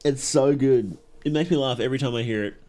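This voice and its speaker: A man's voice: medium pitch, quick pace, warm tone. A young man streaming a video game live, chatting casually, laughing often and reading characters' lines aloud as he plays. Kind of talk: live gameplay commentary.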